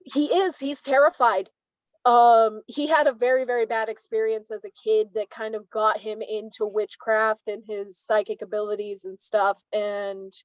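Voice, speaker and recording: A woman in her twenties tells her stories as an interview guest, chatty and lively, leaning on "like" as she goes. Her voice sits a bit high. The sound is dry and close, with no room around it. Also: no echo, poor audio. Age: 20s. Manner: animated, chatty, many "like" fillers, laughs often. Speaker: guest, tarot reader. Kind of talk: casual interview storytelling.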